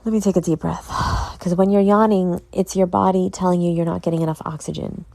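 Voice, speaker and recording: A woman's voice: fairly low pitch, steady tone, fairly quick, creaky, darkish tone, no room sound. A tired, yawning woman hosting a casual solo podcast, earnestly motivating her listeners and speaking to them directly. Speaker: podcast host.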